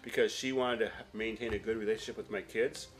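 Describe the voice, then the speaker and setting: A man giving an interview, speaking in an aggrieved, halting way with many restarts. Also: lowish voice, fairly even intonation, soft background music. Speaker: documentary interviewee. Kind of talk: interview talk.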